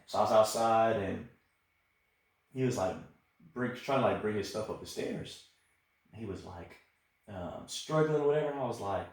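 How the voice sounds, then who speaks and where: A man's voice: lowish voice, moderate pace, pauses often. Echoey young man telling a story. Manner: animated, acts out quoted voices. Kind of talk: casual storytelling. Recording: echoey room.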